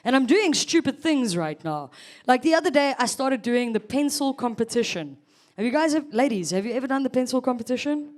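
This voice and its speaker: Lively South African woman doing stand-up. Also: high-pitched, a little fast. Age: 30s. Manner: chatty, teasing the audience, animated. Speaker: stand-up comedian. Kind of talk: stand-up comedy set.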